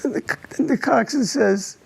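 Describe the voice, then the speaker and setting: Grave and halting, an elderly man who served in a war shares a memory from it in an interview, frequently saying words twice. He speaks at an extremely high pitch with vocal fry and a breathy edge.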